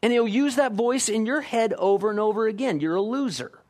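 A man's voice: very high voice, a little fast, a little mellow. A man preaching a sermon, emphatic and full of repeated rhetorical questions. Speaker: pastor.

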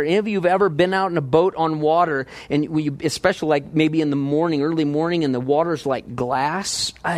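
Man, preacher, conversational sermon, animated, questioning, slightly high voice, dry close sound. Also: dry recording. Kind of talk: expository sermon.

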